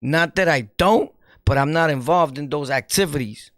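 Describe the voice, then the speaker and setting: A man with a New York accent, a streamer giving an animated, preachy commentary in street slang and laughing often. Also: a little high, normal speed, dry recording, studio quality. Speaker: streamer and YouTuber. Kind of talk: casual commentary monologue.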